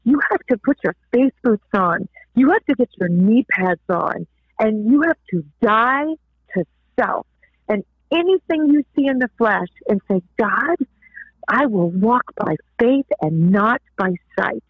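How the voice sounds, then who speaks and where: A woman's voice: on the high side, lively intonation, unhurried, husky, no echo. Woman, earnest heartfelt testimony, tinny phone-line sound, dry. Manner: earnest, tearful at times. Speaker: guest author. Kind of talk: emotional personal testimony.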